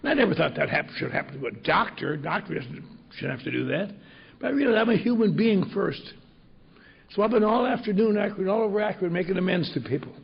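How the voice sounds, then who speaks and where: An earnest, emotional alcoholic doctor, voiced by an older man telling the story. His voice is gravelly and pitched a little high. It comes through a slightly muffled archival recording with faint noise behind it. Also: animated, fast talker, exaggerated voice. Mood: elated. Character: anguished then elated alcoholic male doctor.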